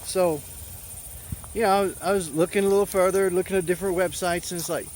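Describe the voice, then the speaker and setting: A man in his thirties telling a personal story in a casual, halting way, with many fillers and restarts. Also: sits high, steady tone, darkish tone, a little hiss or hum. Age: 30s.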